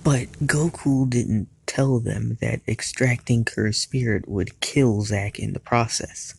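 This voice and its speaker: Guy doing a cartoon recap, gravelly and a bit husky, tosses in jokes at the viewer. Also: medium pitch, slow pace. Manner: playful, with jokey asides to the viewer; grows louder and more animated in the climax. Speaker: YouTube reviewer. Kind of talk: cartoon series recap narration.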